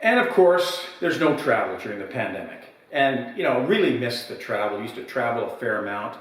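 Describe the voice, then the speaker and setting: A comedian telling a long joke in a halting, stop-start way, often repeating his words. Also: medium pitch, sing-song, a bit bright, distant mic. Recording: echoey room, voice from afar.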